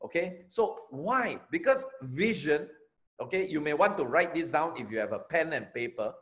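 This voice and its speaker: A middle-aged Malaysian man with a Malaysian accent, giving an energetic, emphatic motivational talk as a network marketing trainer and repeating his key phrases. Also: fairly high pitch, moderate pace.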